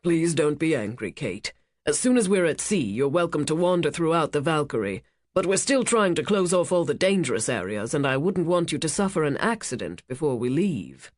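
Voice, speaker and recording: A woman's voice: low-pitched, very animated, a little mellow, dry recording, studio quality. Woman voicing a commanding wealthy ship owner. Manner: measured, authoritative, evasive.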